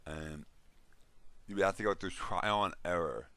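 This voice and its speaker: A man talks through a loose, rambling monologue about role-playing games, often restarting his sentences. His voice sits low, and the tone is sharp and forceful. The sound is dry and close. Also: a little slow, dry recording. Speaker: host.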